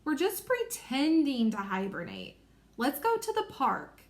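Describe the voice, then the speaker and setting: A woman voicing an excited young girl as she reads a storybook aloud with expression. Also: high voice, measured pace, voice pushed up, heavily acted. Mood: eager.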